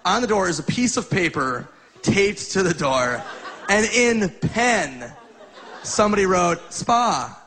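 A man's voice: high voice, sing-song, slow pace, pushed and bright, a faint crowd. A man doing stand-up, telling a story in a loose, laughing way and acting out voices. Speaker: stand-up comedian.

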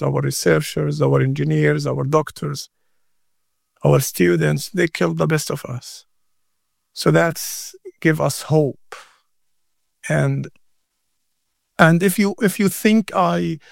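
Slow, gravelly man. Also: fairly high pitch, no echo, clean studio sound. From Gaza. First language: Arabic. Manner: halting, repeats words, earnest. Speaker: interview guest. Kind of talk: emotional interview answer.

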